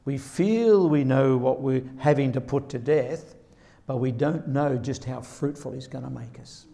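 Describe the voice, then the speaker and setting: A man's voice: medium pitch, measured pace, gravelly, mellow. A man preaching a sermon in an earnest way, often voicing the words of scripture figures as he goes. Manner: earnest, rises sharply when quoting.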